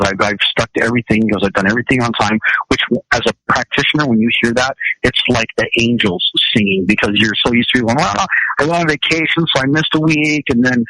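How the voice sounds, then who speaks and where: A man's voice: mid-range voice, pushed and bright, dry recording, rough recording. A man, a wellness practitioner, chatting on a radio show in a rambling way with many restarts. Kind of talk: casual radio chat.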